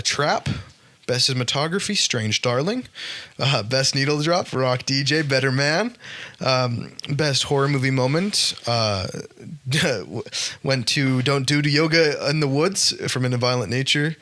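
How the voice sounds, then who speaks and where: A man hosting a relaxed podcast chat. His voice is bright at a middle pitch. He runs quickly through his list and keeps the conversation moving. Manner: quick list reading, leads the talk. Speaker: podcast host. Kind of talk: casual chat.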